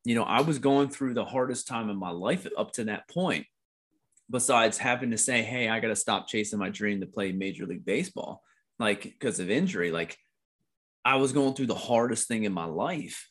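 A man's voice: lowish voice, normal speed, fairly bright tone, husky. A middle-aged American man telling a personal story in a candid conversation, blunt and profane, often repeating himself.

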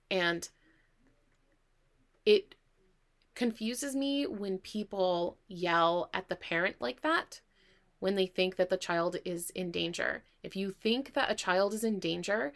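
A woman, a parent, telling a story in casual chat and acting out her own quoted words. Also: mid-range voice. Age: adult parent. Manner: animated storyteller, mock-quotes herself.

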